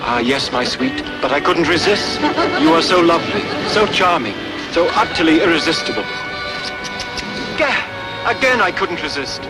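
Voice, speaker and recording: An actor playing a pompous, smitten upper-class English gentleman in a 1960s sitcom, with florid, courtly phrasing. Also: fairly high pitch, very animated, moderate pace, loud music behind the voice, poor audio.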